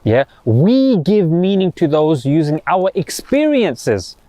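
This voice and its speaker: A man gives a motivational talk to camera, animated and slangy, firing off rhetorical questions. His voice sits a little high and the sound is close and dry, with no room around it. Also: takes it slowly, dry recording. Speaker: host.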